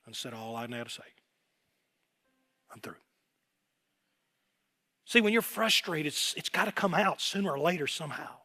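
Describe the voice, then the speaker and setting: A middle-aged man preaching a sermon as pastor, animated, acting out voices and quotes as he goes. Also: on the high side, normal speed, pauses often. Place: worship hall.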